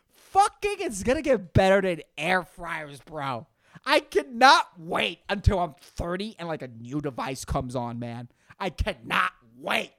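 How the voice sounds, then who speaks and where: A man's voice: high voice, big pitch swings, measured pace, fairly bright tone, no echo. A man in his twenties ranting alone on his podcast, rambling and swearing with lots of slang. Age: 20s. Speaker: podcast host. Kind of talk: casual solo podcast rant.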